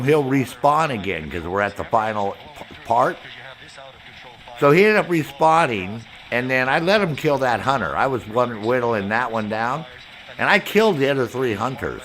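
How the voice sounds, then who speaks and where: A male gaming streamer venting to his chat in a loose, profane rant. He acts out both sides of an argument as he tells the story, and his voice sits at an ordinary middle pitch for a man. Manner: heavy cursing, animated storytelling with quoted back-and-forth.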